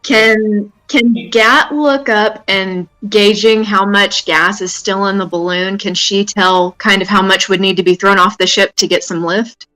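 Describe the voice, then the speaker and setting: A woman player lays out her character's actions in a practical, matter-of-fact way. Her voice is bright and forward, at a middle pitch. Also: steady tone, measured pace, hardly any pauses, faint music behind, rough recording. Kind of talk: tabletop game chat.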